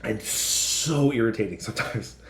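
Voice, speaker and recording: A man co-hosting a casual podcast chat, talking candidly and rambling, with quick asides. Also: medium pitch, a bit bright, slight background noise. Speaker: podcast co-host. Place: bar room. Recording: roomy echo.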